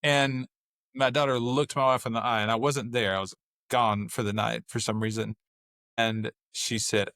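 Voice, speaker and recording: A man in casual podcast conversation, spinning family anecdotes and slipping into the voices of his wife and children as he goes. His pitch sits in the middle for a man, and the sound is dry and close with no room around it. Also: normal speed, dry recording. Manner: animated storyteller, acts out family dialogue. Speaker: podcast guest. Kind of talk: casual chat.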